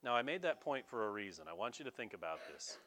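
A man preaching a sermon, animated and acting out the voices he quotes, stumbling over quick restarts. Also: fairly low pitch. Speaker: pastor.

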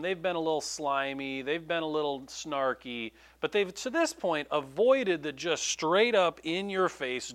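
A man preaching a sermon in a conversational, animated way, with quick asides to the congregation. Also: fairly high pitch. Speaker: pastor.

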